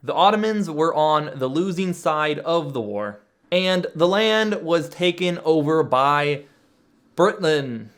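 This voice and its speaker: A man's voice: on the high side, expressive, slow pace, slight background noise. A man casually explaining history to viewers, with joking, sarcastic asides.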